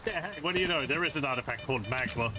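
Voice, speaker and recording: A man's voice: mid-range voice, rapid-fire, very noisy. A man casually commenting as he plays a video game, musing aloud in a wry, self-amused way. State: has the hiccups. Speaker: let's play gamer.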